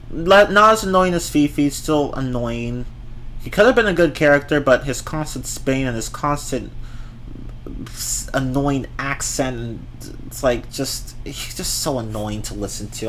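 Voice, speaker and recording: A man's voice: mid-range voice, lively intonation, normal speed, a bit bright, a little hiss or hum. A man giving a ranting movie review, exasperated and profane, often repeating and restarting his words.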